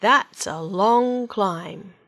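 A woman voicing a demanding older mother in a fairytale reading, calling out slowly in a sing-song way. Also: mid-range voice, fairly bright tone. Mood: puffing.

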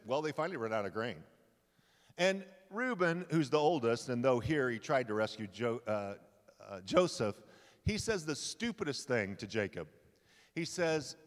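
A male pastor preaching a sermon at a men's conference, telling the story with lively, acted-out quotes. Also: fairly high pitch. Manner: animated storytelling, acting out quoted lines. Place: conference hall. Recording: live hall with long reverb.

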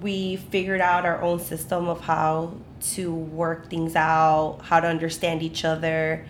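A young woman talks casually with a close friend, animated and chatty, slipping into quoted voices as she tells stories. She describes her own voice as low, almost like a man's. A faint rumble sits under the recording. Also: unhurried. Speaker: podcast co-host. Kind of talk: casual chat between friends.

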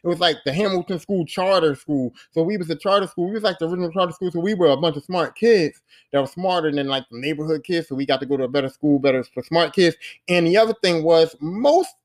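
A man with a high voice tells a rambling, profane story on his podcast and jumps into the voices of the people in it. His talk is loose and animated, with swings between loud and hushed. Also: fast, few pauses. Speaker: podcast host. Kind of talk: casual storytelling.

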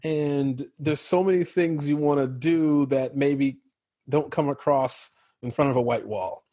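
Husky-voiced American man telling stories. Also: a little high, unhurried, no room sound. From Chicago, United States. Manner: animated storyteller, laughs often. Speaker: actor guest. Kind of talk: casual interview chat.

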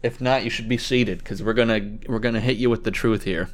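A man's voice: mid-range voice, fairly even intonation, fairly quick. Dry, sarcastic young male podcaster. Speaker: podcast co-host. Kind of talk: casual chat.

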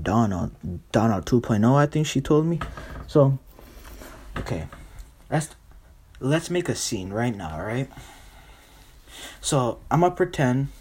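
A man's voice: fairly low pitch, a little mellow, breathy edge. A young man hosting a podcast, doing a brash, profane comedy monologue. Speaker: podcast host.

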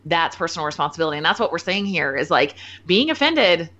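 Woman podcast host, 40s, bright lowish voice, animated, muffled lo-fi sound. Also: quick pace. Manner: animated, laughs often, acts out quotes. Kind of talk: casual chat.

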